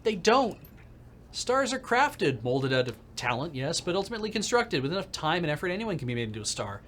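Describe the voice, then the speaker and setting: A man voicing a smug, scheming male rival TV producer who lectures in a smooth, condescending way. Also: fairly high pitch, big pitch swings, a little fast, a bit bright, slight background noise, pitched above the performer's own voice.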